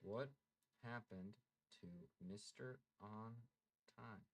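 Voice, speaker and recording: A man's voice: lowish voice, steady tone, slow, creaky, dry recording. A man co-hosting a casual sports chat on a live stream, laid-back and teasing, calling people dude and brother. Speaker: sports show co-host.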